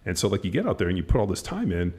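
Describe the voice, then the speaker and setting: A man's voice: sits low, very fast, slightly rough. A middle-aged man hosting a podcast, telling stories animatedly, swearing freely and acting out what people said. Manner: animated storyteller, swears freely, acts out quotes. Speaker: podcast host. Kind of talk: casual podcast chat.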